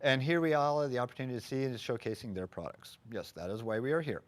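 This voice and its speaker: A man's voice: medium pitch, fast. A man co-hosting a live stream, chatting casually and reading out viewer comments. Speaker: live chat co-host.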